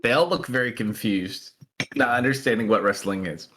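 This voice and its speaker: Bright, relaxed male game master who laughs through his narration. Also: mid-range voice, moderate pace. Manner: easygoing, laughs often while narrating. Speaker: dungeon master. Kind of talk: running a tabletop game.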